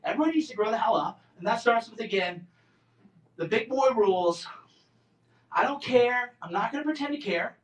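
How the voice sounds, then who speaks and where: A man's voice: very high voice, lively intonation, moderate pace, pauses often. A man in his forties giving a combative, sarcastic talk to a campus student group, mocking others in put-on voices. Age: 40s. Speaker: invited speaker. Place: lecture room on a college campus. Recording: roomy and distant from the mic.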